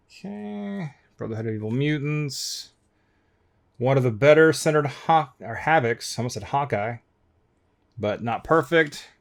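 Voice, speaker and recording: Male host, unhurried delivery, wry and grumbling, casual box-break commentary. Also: medium pitch. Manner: grumbling, wry, talks to viewers as folks. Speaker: card collector opening packs.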